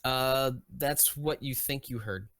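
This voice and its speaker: A man running a tabletop game as game master, talking in an unhurried, searching way with many fillers and restarts. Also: mid-range voice, fairly bright tone, no room sound, clean studio sound.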